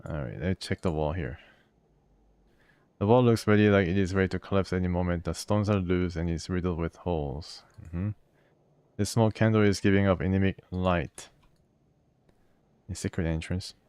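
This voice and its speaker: A man playing a video game, reading its text aloud and thinking out loud as he goes. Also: sits low, normal speed, pauses often, clear, resonant tone, no echo. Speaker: gamer. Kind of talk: let's play commentary.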